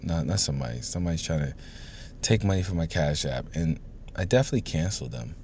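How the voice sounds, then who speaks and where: A man's voice: rumbling low, lively intonation, fast, a little mellow, slight background noise. A man in his thirties venting and rambling in a casual vlog from his car, swearing often and getting heated. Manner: profane, rambling, heated ranting. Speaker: vlogger.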